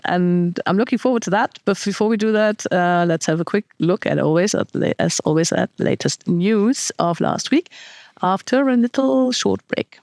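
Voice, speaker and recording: A woman co-hosting a business podcast talks in a lively, chatty way and reacts quickly to her guest. Her voice is recorded close and dry, with no room sound. She moves the show smoothly from one segment to the next. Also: lowish voice, no echo. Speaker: podcast co-host.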